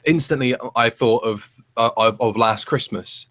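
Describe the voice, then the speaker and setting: A man co-hosting a casual chat show, telling rambling, animated stories with many restarts. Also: medium pitch, measured pace. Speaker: podcast co-host.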